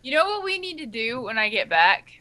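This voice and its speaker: A woman's voice: on the high side, sing-song, fairly quick, pushed and bright. A woman co-hosting a casual streamed show, chatting about games in a giggly, slangy way. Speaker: co-host.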